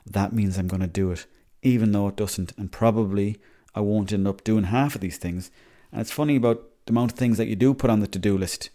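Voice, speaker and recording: A man's voice: on the low side, fairly quick, hardly any pauses, warm tone. Irish man rambling on a podcast. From Ireland. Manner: rambling, chatty, swears freely. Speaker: podcast host. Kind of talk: casual solo podcast monologue.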